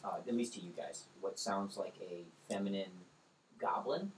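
A man's voice: sits low, moderate pace, a little hiss or hum, rough recording. A man running a tabletop game as game master, narrating casually with lots of fillers and laughs. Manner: casual, rambling, laughs easily.

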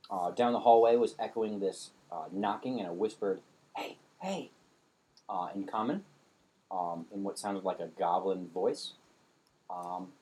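A man's voice: deep voice, steady tone, moderate pace, mellow, poor audio. A man running a tabletop game as game master, narrating casually with lots of fillers and laughs. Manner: casual, rambling, laughs easily.

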